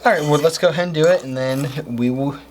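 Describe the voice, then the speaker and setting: Fairly high-pitched and quick, this cooking show host runs a casual home baking demonstration, cheerfully talking through every step in his kitchen. A little hiss or hum sits under the audio.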